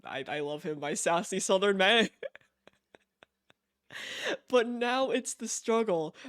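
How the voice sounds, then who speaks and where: A man's voice: high voice, no room sound, studio quality. A man live-streaming a video game, chatting casually in a gushing, giggly way and repeating himself.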